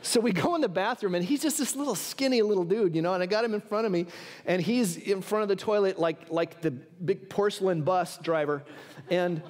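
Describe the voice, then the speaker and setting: High-voiced man preaching a sermon. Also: brisk, in a large hall. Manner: lively storytelling with humor, calls for audience response. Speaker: pastor.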